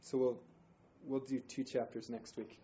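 A man teaching a Bible study group in an informal, animated way, acting out quotes with slang. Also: mid-range voice, normal speed. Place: indoor room, group class. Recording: roomy, dull, faint noise.

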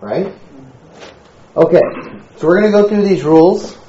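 A man teaching a Greek class in a relaxed, joking lecture style. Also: high voice, normal speed, slight background noise. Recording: echoey room, dull lo-fi sound.

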